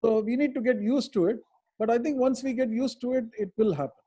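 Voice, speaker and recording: A man's voice: very high-pitched, dark tone, slightly rough. A man, an advocate answering webinar questions in a thoughtful, explanatory way over a video call. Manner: thoughtful, explanatory, with hesitant pauses.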